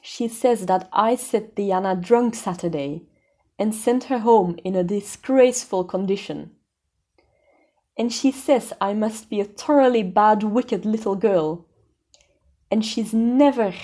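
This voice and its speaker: A woman's voice: mid-range voice, measured pace, dark tone, lightly acted. A woman voicing a dramatic, tearful young orphan girl who wails her woes. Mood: wailing. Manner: wailing, melodramatic.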